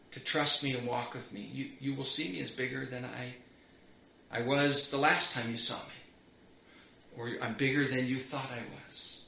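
A man's voice: medium pitch, creaky, pushed and bright, a little hiss or hum. A middle-aged man preaching a sermon as pastor, earnest and building on repeated phrases. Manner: earnest, repetitive build-ups. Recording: roomy echo.

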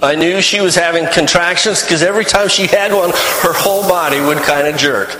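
A man's voice: a little high, fairly quick, pushed and bright. Folksy man telling a tale in an echoey hall. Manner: rambling, folksy, with many restarts. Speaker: storyteller. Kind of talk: first-person character storytelling.

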